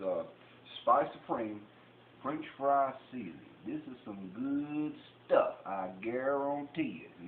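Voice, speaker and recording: A man with a Southern US accent, rambling and joking while he shows home cooking on his own channel. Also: mid-range voice. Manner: folksy, rambling, jokey. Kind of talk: casual kitchen demonstration. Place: home kitchen. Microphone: camera mic. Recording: tinny, echoey kitchen, faint noise.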